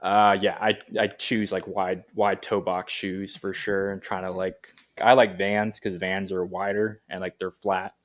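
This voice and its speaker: A man being interviewed as a Paralympic athlete, talking in a relaxed, rambling way with many fillers. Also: low voice, unhurried, few pauses. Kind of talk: casual interview chat.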